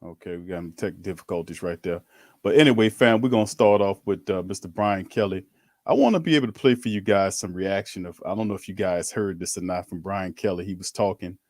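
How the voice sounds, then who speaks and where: A man's voice: lowish voice, darkish tone, dry recording, studio quality. A man hosting a casual sports talk stream, laid-back, slangy and chuckling. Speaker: podcast host.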